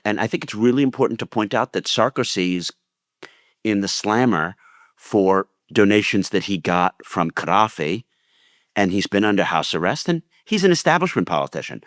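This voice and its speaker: A man's voice: fairly low pitch, no room sound, clean studio sound. A man co-hosting a political podcast, arguing with passion and emphasis. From United States. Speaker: podcast co-host.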